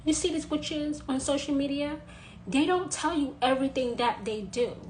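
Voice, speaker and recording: A woman giving forceful advice in a monologue, hammering her points home by repeating them. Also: high-pitched, normal speed, slight background noise, poor audio. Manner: insistent, repeating phrases for emphasis. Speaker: witch sharing advice. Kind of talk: emphatic monologue to camera.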